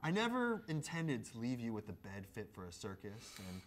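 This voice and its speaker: A man's voice: mid-range voice, huge pitch swings, normal speed, a little hiss or hum. A man giving a comedic, mock-grand reading of a written letter from a video. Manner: mock-grand, playful delivery.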